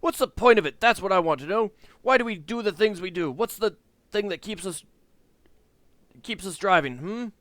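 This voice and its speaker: A man voicing a bitter, despairing old man who rants and shouts scornfully through a door, in a tabletop-style game reading. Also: sits high, expressive, moderate pace, no echo, voice pushed up. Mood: bitter ranting.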